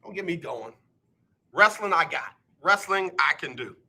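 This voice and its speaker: A man hosting a live radio talk show, animated and joking as he teases his listeners. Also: on the high side, a little slow, breathy edge. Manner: animated, joking, playful teasing. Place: radio studio.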